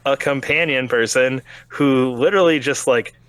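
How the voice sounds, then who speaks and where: A man co-hosting a casual game review chat, animated and fond of acting out bits of dialogue in quick voices. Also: mid-range voice, smooth, dry recording. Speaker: podcast co-host reviewing a game.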